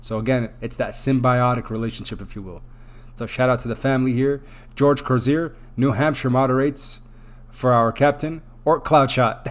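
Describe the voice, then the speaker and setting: Guy doing a crypto livestream, thanking the chat nonstop, gets all emotional, mid pitch. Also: fairly even intonation, moderate pace. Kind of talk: live stream chat, reading super chats.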